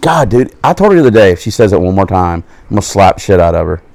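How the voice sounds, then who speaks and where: A man's voice: low voice, big pitch swings, quick pace, vocal fry, darkish tone. A middle-aged man, telling family stories in a casual podcast chat, loose and joking, often acting out what others said. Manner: loose storytelling, acts out family quotes, laughs often. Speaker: podcast co-host.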